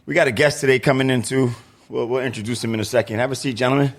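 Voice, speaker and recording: A man co-hosts a relaxed podcast from a studio, talking in an easygoing, joking way. He tends to repeat his phrases as he chats. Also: medium pitch, rapid-fire. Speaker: podcast co-host. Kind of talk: casual chat.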